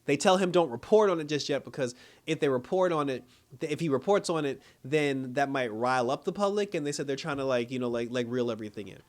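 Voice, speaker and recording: A man with a mid-range voice talks quickly and with lively intonation as he casually reviews a TV episode. He rambles, packing his recap with "you know" and "like," and chuckles often along the way.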